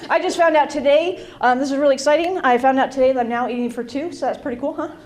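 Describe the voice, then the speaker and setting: A woman's voice: high-pitched, fast talker. A woman doing a stand-up comedy set in a club, teasing the crowd and making fun of herself. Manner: self-deprecating, teasing the crowd. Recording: loud crowd laughter and bar noise.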